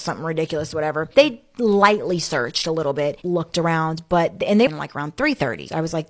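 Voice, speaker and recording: A woman guest in a casual interview, telling her story in an animated way, acting out what others said and often saying "like". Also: fairly low pitch, fast, few pauses. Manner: animated, acts out quoted speech; frequent filler "like".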